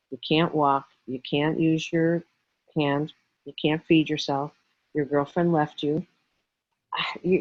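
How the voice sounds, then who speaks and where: Emphatic woman with low, dry voice. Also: no room sound, muffled recording. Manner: emphatic, acts out stories in character. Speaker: guest, writing teacher. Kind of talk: animated interview talk.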